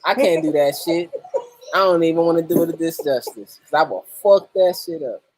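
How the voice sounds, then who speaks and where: A man's voice: fairly high pitch, moderate pace, no echo. A man hosting a livestream in casual, profane chat, greeting viewers by name as they join. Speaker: livestream host.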